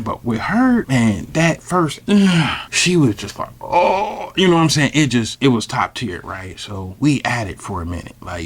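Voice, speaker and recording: A man telling a personal story in a casual, animated and profane vlog style. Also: on the low side, vocal fry, husky. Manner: animated, profane, many fillers.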